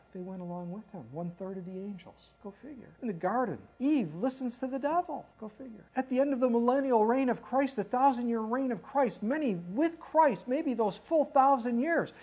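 A woman's voice: a little high, a little mellow, breathy edge. A woman preaching a sermon in a conversational way, asking rhetorical questions and reading scripture aloud. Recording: dull lo-fi recording.

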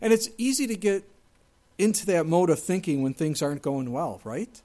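Earnest high-voiced male preacher. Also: animated, normal speed. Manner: earnest, conversational preaching with wide swings in loudness. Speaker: pastor. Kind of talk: sermon.

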